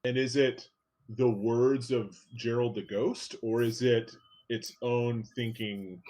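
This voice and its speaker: A man running a tabletop role-playing game as game master, explaining rules and narrating scenes in a relaxed way with frequent fillers. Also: mid-range voice, slow.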